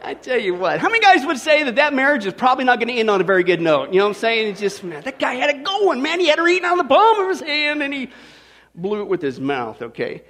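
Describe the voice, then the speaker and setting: A man's voice: very high-pitched, wildly swooping pitch, fast, fairly bright tone. A man preaching a sermon to a congregation, folksy and joking, often checking in with the crowd. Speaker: pastor. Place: church service before a congregation.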